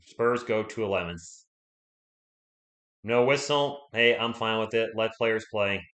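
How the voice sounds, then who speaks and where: Excitable man calling basketball play-by-play. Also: lowish voice, measured pace. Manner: excitable, swings from calm calls to shouting at big plays. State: losing his voice. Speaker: livestream play-by-play host. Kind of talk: fan play-by-play commentary.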